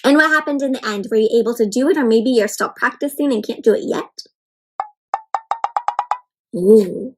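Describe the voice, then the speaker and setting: A woman reading a picture book aloud to children, pausing often to encourage them and ask them questions. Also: high-pitched, animated. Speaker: children's storybook reader. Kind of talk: interactive read-aloud for kids.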